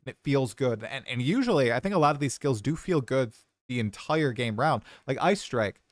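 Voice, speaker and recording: A man hosting a relaxed gaming podcast, talking in a middling pitch with a chatty, hedging way of explaining. The sound is close and dry, with no room echo. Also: normal speed. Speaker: podcast host. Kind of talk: casual gaming podcast chat.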